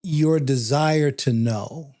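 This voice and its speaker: Man podcast co-host, measured reflective talk, mid pitch, dry room. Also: warm tone, no echo. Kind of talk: conversational podcast chat.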